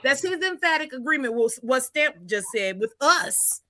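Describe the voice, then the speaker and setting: A woman's voice: sits high, lively intonation, normal speed, sharp tone, dry recording. A woman in a casual stream chat who explains the rules at length, using many fillers. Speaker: poet in a battle league.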